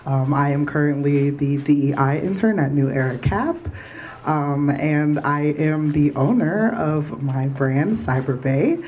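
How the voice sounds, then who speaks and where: A woman's voice: low-pitched, measured pace, a little mellow, lo-fi sound, slight background noise. A young woman from Rochester, New York, introducing herself on a college panel, nervous and full of ums. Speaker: panelist, master's student and business owner.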